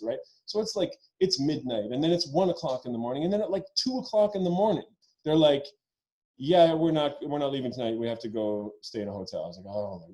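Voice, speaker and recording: Animated man telling a profane story. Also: fairly high pitch, low-quality recording. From Quebec, Canada. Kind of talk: personal storytelling at a story slam. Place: virtual event.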